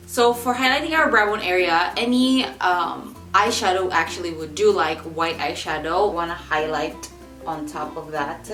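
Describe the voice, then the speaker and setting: A young adult woman with a lowish, fairly bright voice leads a makeup tutorial at a moderate pace. As a beauty vlogger she keeps things chatty and repeats words for emphasis, against a roomy echo and faint background music.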